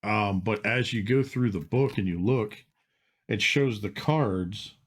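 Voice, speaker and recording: A man's voice: on the low side, slow pace, husky. A man hosting a podcast, chatting in a laid-back, rambling way with lots of "like" and "dude". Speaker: podcast host. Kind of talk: casual chat.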